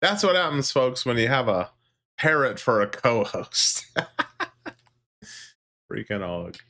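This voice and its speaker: A man's voice: mid-range voice, sing-song, takes it slowly, sharp tone. A man hosting a casual livestream, joking with his chat and talking to his pet parrot, laughing often and swearing casually. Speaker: livestream host.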